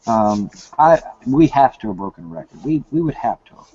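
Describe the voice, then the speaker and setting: A man's voice: medium pitch, animated, a little fast, dark tone, slight background noise. A man, talking rambling and hesitant in casual chat on a video call from his home. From Kentucky, USA. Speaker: live hangout host. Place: home in the woods. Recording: dull lo-fi call audio.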